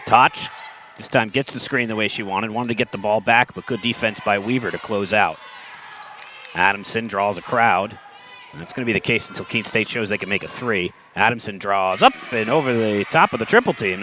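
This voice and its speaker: A man calling a live basketball game as play-by-play commentator, with brisk, excitable calls and wry asides. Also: lowish voice, slight background noise.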